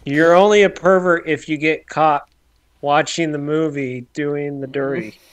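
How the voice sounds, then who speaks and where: A man's voice: fairly high pitch, fairly even intonation, unhurried, clear, resonant tone. A man co-hosting a podcast, chatting wryly and rambling as he corrects himself. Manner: wry, rambling, self-correcting. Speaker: podcast co-host. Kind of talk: casual chat.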